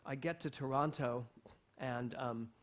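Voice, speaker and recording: A male pastor giving a sermon, telling a personal story in an animated way and acting out the people in it, with laughs between lines. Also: mid-range voice, unhurried. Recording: dull lo-fi recording.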